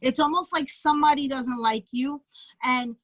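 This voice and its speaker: A woman's voice: high voice, steady tone, moderate pace, fairly bright tone, no room sound, low-quality recording. A woman with a Bronx New York accent giving a casual, blunt tarot reading, often checking in with "okay?" and swearing freely. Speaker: psychic tarot reader. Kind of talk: tarot reading on a live stream.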